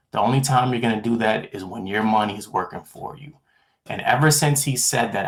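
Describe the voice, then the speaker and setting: A man's voice: on the low side, fairly bright tone. Emphatic male motivational speaker. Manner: emphatic, repeats key lines for effect; acts out quoted dialogue with livelier voice. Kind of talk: motivational talk.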